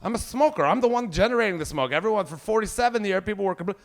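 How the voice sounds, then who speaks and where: A man's voice: high voice, expressive, fast talker, few pauses. A man in his forties with a Québécois French accent, doing a profane, ranting stand-up comedy set. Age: 40s. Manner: profane, ranting, swears heavily.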